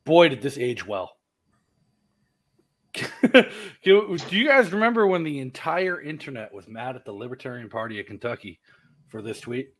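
A man's voice: medium pitch, big pitch swings, normal speed, long pauses, fairly bright tone. A man in a casual podcast discussion, talking bluntly with incredulous asides and casual swearing. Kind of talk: casual podcast panel talk.

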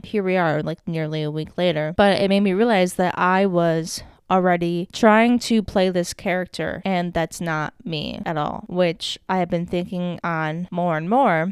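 A woman's voice: lowish voice, smooth, dry recording, clean studio sound. A young adult woman hosting a casual solo podcast, talking candidly and rambling, with frequent swearing and many fillers. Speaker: podcast host.

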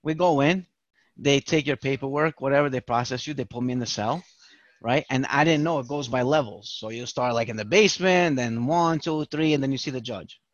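A man's voice: mid-range voice, brisk, no room sound, highs cut off. A man telling a long profane story in casual chat, acting out the voices of the people in it. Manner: animated, profane, acts out quoted voices. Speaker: podcast guest telling a story.

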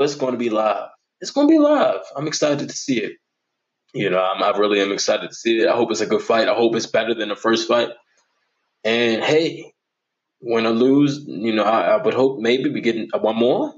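A man's voice: medium pitch, highs cut off. A man hosting his own sports podcast, chatting casually and animatedly as he jokes through his predictions and picks.

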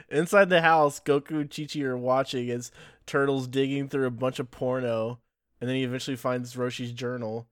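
A man's voice: mid-range voice, steady tone, moderate pace, smooth, no echo, studio quality. A man hosting a podcast, casually recapping episodes and laughing often as he tells the story. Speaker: podcast host.

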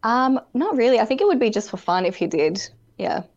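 A young woman, a pageant contestant, chats as a guest in a live video-call interview, her voice a little high, very animated, brisk, and darkish in tone. She's bubbly, giggles often, and says "like" a lot, though the recording is muffled.

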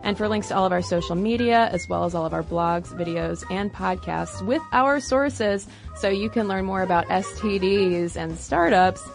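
Gravelly-voiced woman podcast co-host. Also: medium pitch, normal speed, hardly any pauses, soft background music. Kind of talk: casual chat reading listener mail.

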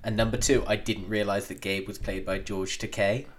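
A man's voice: lowish voice, flat delivery, moderate pace, a little hiss or hum. A man co-hosting a casual film review podcast, teasing his co-host with dry jokes. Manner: dry teasing wit, jokey asides.

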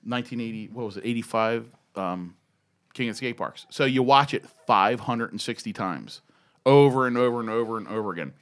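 A man in his fifties telling an excitable, profane story in a casual podcast chat. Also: mid-range voice, a little fast. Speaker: former BMX rider telling a story.

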